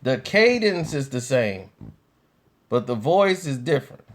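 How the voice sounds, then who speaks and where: Male vlogger, mid-pitched, very slow and relaxed, easy conversational monologue. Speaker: video commentator. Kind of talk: casual monologue to viewers.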